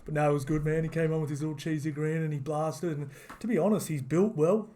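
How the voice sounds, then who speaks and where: A man's voice: fairly high pitch, fairly even intonation, fast talker, mellow. A man giving a rambling, casual sports recap full of fillers and restarts. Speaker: sports vlogger.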